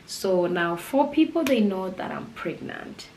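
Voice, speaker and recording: A young woman telling a personal story in a vlog, animated and laughing often as she goes. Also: medium pitch, unhurried. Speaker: vlogger. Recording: roomy with faint background noise.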